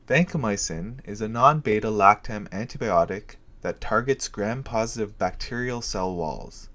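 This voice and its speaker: A man narrating a scripted pharmacology lesson in a clear, measured way, slowly spelling out memory cues. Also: lowish voice. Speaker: pharmacology teacher.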